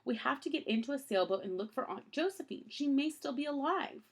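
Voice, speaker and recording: A woman's voice: high voice, animated, a little fast, voice pushed up. A woman doing an urgent young girl. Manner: urgent, pleading.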